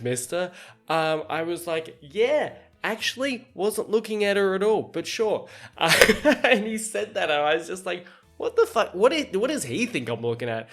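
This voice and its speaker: Male podcast host, light high-ish voice, chatty and animated, plays out quoted dialogue. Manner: animated, laughs often, acts out quoted dialogue. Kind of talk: casual storytelling monologue.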